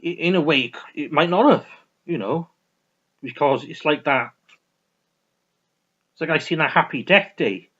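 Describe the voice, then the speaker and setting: A man's voice: medium pitch, fairly bright tone, husky. A man rambling through a casual film review, restarting sentences and swearing freely. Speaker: vlogger reviewing films. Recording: dull lo-fi recording.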